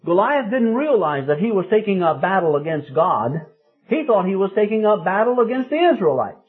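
A man in his fifties preaching a sermon, telling a story and rising to loud, emphatic peaks. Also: high-pitched, very animated, a little fast, slightly rough. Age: 50s. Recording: tinny phone-like sound.

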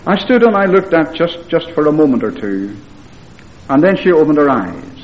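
A man's voice: a little high, very animated, moderate pace, highs cut off. Earnest male preacher on an old recording. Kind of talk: sermon storytelling.

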